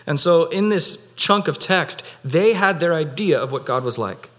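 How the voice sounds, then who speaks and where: A man's voice: fairly high pitch, animated, measured pace, a bit bright. A young man preaching an Easter sermon in a casual, conversational way, with many fillers. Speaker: pastor.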